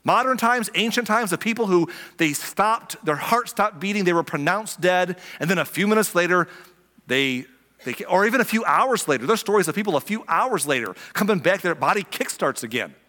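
A man preaching a sermon in a relaxed, conversational way, acting out little quoted reactions as he explains a passage. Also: high-pitched, brisk. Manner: conversational, animated, acts out quotes. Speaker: pastor. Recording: long reverb of a hall.

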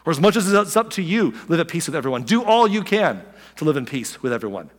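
A man's voice: fairly high pitch, big pitch swings, fast talker, in a large hall. A male pastor delivering a conversational sermon, full of asides, restarts and quoted voices.

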